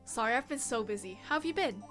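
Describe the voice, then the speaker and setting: A woman reading the lines of a calm older sister who teases her sibling gently. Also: fairly high pitch, fast, soft background music. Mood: gentle. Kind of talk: reading game dialogue aloud.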